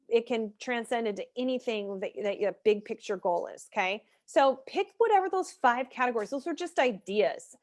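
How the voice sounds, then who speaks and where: A woman fitness and nutrition coach speaking candidly over a video call, chatty with many fillers, leading an online workshop. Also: medium pitch. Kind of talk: casual online workshop talk.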